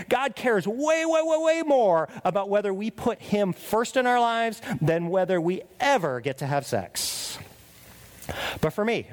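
A middle-aged male pastor delivering a sermon with a high, bright voice that swings widely in pitch. He preaches in a confessional, emphatic way, leaning on rhetorical tags and sinking to hushed earnestness when praying. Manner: drops to quiet, earnest prayer voice.

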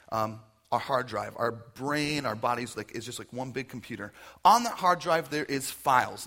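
Husky man preaching a lively sermon. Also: a little high. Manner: animated, conversational, acts out quoted voices. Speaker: pastor.

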